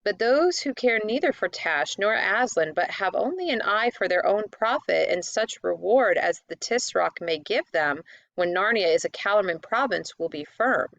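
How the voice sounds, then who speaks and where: A woman's voice: medium pitch, lively intonation, moderate pace, vocal fry, fairly bright tone, no echo, lo-fi sound. A woman voicing a sly male talking cat with a silky, purring voice in a storybook reading. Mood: scheming.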